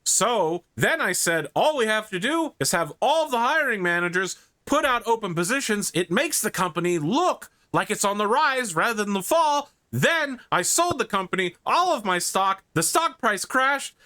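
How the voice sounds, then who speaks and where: A man's voice: high-pitched, big pitch swings, moderate pace, few pauses, bright, forceful tone, pitched above the performer's own voice, full character voice. A man voicing a smug, greedy male corporate executive who boasts gleefully in a raised voice at a tabletop game. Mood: gloating.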